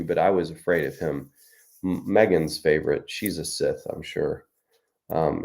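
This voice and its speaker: A man's voice: on the low side, mellow. A man, an author, hosting a casual livestream chat, joking and laughing often.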